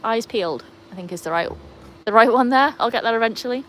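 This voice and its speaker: A woman's voice: on the high side, quick pace, hardly any pauses, fairly bright tone, slight background noise. A woman hosting a casual live stream for her dog channel, rambling along with lots of fillers. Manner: chatty and rambling, with many fillers. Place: outdoors beside a pool.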